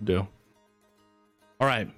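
A man narrating as game master of a streamed tabletop game, energetic and chatty, swinging into excited whoops. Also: extremely slow, dry recording, soft background music.

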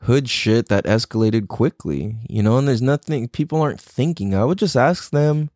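A man's voice: mid-range voice, lively intonation, normal speed, darkish tone, no room sound, studio quality. A man talking in a casual, reflective monologue, loose and profane, full of "like" and "you know".

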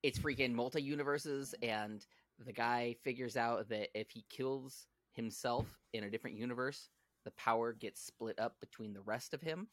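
A man's voice: mid-range voice, normal speed, no echo. A man co-hosting a podcast, chatting casually and retelling movie scenes with jokes. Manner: jokey, tells movie stories animatedly. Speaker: podcast co-host. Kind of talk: casual chat.

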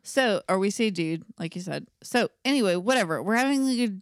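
A woman's voice: mid-range voice, lively intonation, fairly quick, no room sound, clean studio sound. A young woman from California co-hosting a podcast, playful and teasing in casual chat, often giggling. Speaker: podcast co-host.

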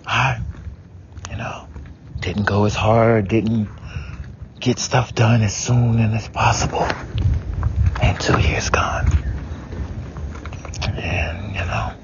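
A man speaks slowly in a raw, emotional monologue, swearing freely and often dropping to a hushed whisper. The recording sounds dull and lo-fi. There is clear noise behind him. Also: lowish voice, fairly even intonation. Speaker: speaker venting about family.

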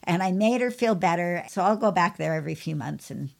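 A woman pet groomer who hosts a podcast, telling a long story in a chatty, animated way. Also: fairly low pitch, brisk, gravelly. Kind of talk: casual storytelling.

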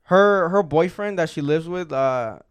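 A young man with a fairly high, smooth voice and an unhurried delivery co-hosts a podcast. In casual chat he tells a long, rambling story, swearing and packing in filler words.

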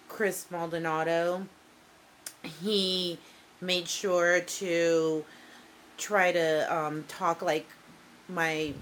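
A woman cuts a wrestling promo, brash and profane, with playful threats. She talks slowly in a slightly low voice. A faint hum of ambience sits behind her. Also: rough recording. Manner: brash, profane, mock-menacing. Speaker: wrestling show host.

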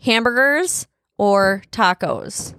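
A woman's voice: fairly high pitch, expressive, slow pace, fairly bright tone, no echo, clean studio sound. A middle-aged woman hosting a casual family podcast with her child, playful and teasing. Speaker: podcast host, mother.

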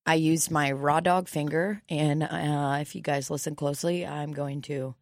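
A woman's voice: low-pitched, fairly even intonation, normal speed, dry recording, clean studio sound. A woman hosting a podcast in casual chat, crude, profane and teasing. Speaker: podcast host.

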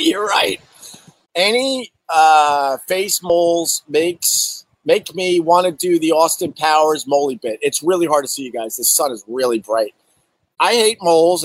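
A middle-aged man tells stories in a casual, animated way, swearing freely and acting out what people said. His voice sits a bit high, and the sound is dry and close. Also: measured pace, dry recording, low-quality recording. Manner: animated, profane, acts out exaggerated quotes; reads and answers viewer chat. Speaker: comedian host. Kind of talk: casual storytelling monologue. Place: outdoors in bright sun.

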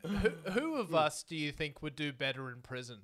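A young man co-hosting a podcast, teasing his co-host with quick wry remarks. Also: a little high, animated, a bit bright. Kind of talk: casual podcast chat.

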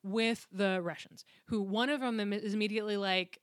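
A woman in casual podcast chat, retelling a story with lots of laughter and the odd swear word. Her voice sits at a middling pitch. It is recorded dry and close, with no room sound. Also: steady tone, moderate pace, no echo. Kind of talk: casual book recap chat.

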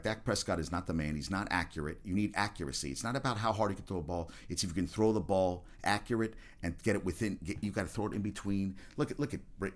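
Blunt, profane man hosting a sports show. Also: lowish voice. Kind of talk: casual sports rant.

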